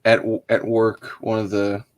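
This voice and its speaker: A man co-hosting a casual livestream, earnest and halting, often restarting his sentences. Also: fairly low pitch, completely flat delivery, background noise. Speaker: livestream co-host.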